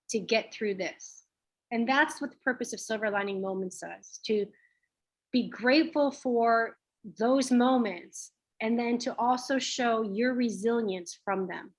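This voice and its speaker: A woman's voice: a little high, a bit bright. A woman guest on a video call, telling personal stories in an earnest, reflective way with some fillers. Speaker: lawyer and guest. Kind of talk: personal storytelling in an interview.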